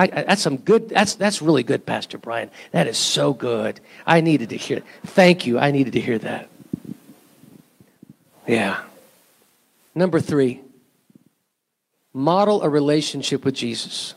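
A man preaching a sermon in a church, his voice pitched a bit higher than most men's. He talks to the congregation in a casual, conversational way and keeps asking them rhetorical questions. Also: normal speed, vocal fry. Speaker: pastor.

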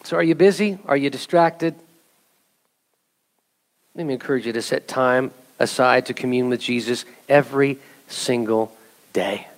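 A man's voice: mid-range voice, normal speed, long pauses. A male pastor preaching an earnest sermon and leading his congregation in song.

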